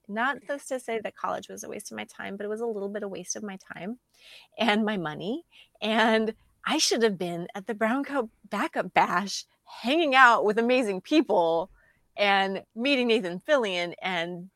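Una mujer que, como invitada de un pódcast, charla de forma animada, divagando y riéndose con frecuencia. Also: female voice, medium pitch, normal speed, no echo. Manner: animated, laughing, rambling. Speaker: podcast guest. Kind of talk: casual podcast chat.

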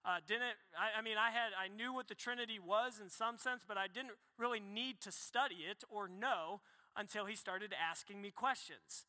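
A young man preaching a sermon as pastor, talking in a lively, conversational way with quick asides and self-corrections. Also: high voice. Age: young adult. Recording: echoey hall reverb.

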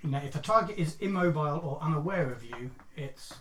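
A man's voice: a little high, animated, fairly quick. A man running a tabletop game as game master, dry and rules-minded. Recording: light background noise.

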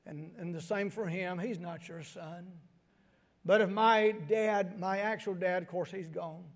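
High-pitched older preacher, slow and emphatic. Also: male voice, fairly even intonation. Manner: swings from quiet asides to high shouted emphasis. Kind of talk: sermon.

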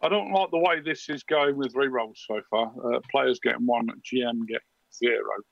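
Game master, male, halting delivery with many fillers, dull dry mic sound. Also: medium pitch, gravelly, a bit bright, dry recording. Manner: hesitant, lots of fillers and restarts. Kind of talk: running a tabletop game online.

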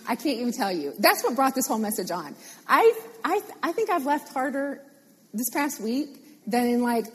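A woman preaching a sermon in a lively, animated way, repeating phrases for emphasis. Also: sits high, slightly rough. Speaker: pastor. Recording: long hall reverb.

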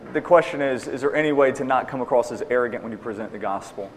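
Speaking quickly at a medium pitch, a man fields audience questions about evangelism in a Q&A talk. He's earnest and plainspoken, repeating each question before answering. The hall gives a long reverb, with faint background noise.

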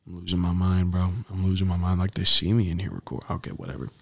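A man's voice: low voice, completely flat delivery, fast talker, creaky. A young man hosting a solo sports podcast from a campus podcast booth, chatting casually with slangy asides and frustrated rants. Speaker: podcast host.

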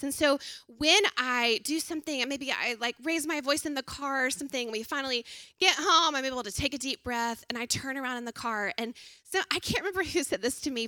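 A woman in her thirties preaches in a chatty, earnest way and keeps putting questions to her listeners. Her voice sits high and bright. The sound is dry and close, with little room around it. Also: no room sound. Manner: conversational, earnest, asks the audience questions. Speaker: speaker at a church talk. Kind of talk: sermon.

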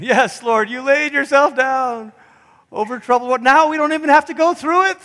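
A male pastor with a high voice and a bright, forceful tone delivers an animated sermon. He acts out voices and breaks into snatches of song as he preaches. His voice carries a long reverb from a church sanctuary. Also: moderate pace.

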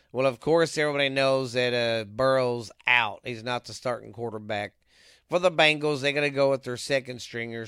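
Dude rattling off football picks, bright crisp voice, swears a lot, dry close mic. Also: male voice, mid-range voice, dry recording. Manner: loose, profane and rambling, reading off scores. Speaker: podcast host. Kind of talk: casual sports picks monologue.

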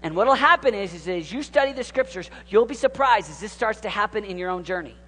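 A man in his thirties preaching informally, rambling and animated, swinging from hushed asides to excited exclamations. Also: high voice, brisk, breathy edge. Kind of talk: informal sermon. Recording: long hall reverb.

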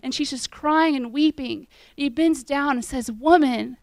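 A woman delivering a sermon, telling a scripture story in an earnest, conversational way. Her voice sits a little high with a gravelly edge, and the sound is close and dry. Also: moderate pace, no echo. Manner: earnest storytelling, retelling scripture in plain words. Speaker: preacher.

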